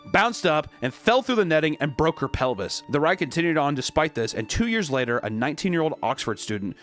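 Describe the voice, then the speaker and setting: A man's voice: on the high side, fairly quick. Brief: young male host, casual and profane, voice leaps all over, faint music behind. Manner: casual, swearing, animated. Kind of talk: comedic commentary.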